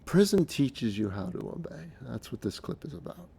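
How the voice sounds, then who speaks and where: A middle-aged man talking in a casual, unscripted monologue, earnest and halting, often restarting his sentences. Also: mid-range voice, very animated, creaky, warm tone, breathy edge. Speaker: speaker recounting his experiences.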